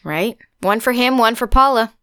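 A woman's voice: on the high side, normal speed, bright, forceful tone, clear, resonant tone, dry recording, studio quality. A woman co-hosting a podcast, trading wry, teasing asides in casual chat. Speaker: podcast co-host.

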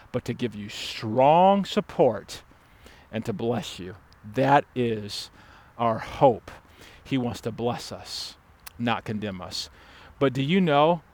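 A man preaching a sermon as pastor, emphatic and urgent, dropping to hushed stress on key words. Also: mid-range voice. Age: adult father.

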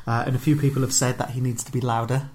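A man's voice: mid-range voice, little pitch movement, quick pace, darkish tone, a little hiss or hum. A man hosting a casual podcast, joking and bantering playfully into a podcast microphone. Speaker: podcast host. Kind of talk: casual chat.

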